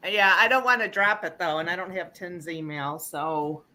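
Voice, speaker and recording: A woman's voice: on the low side, normal speed, crowd noise. A woman hosting a casual group video chat, teasing her friends and laughing often. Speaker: host.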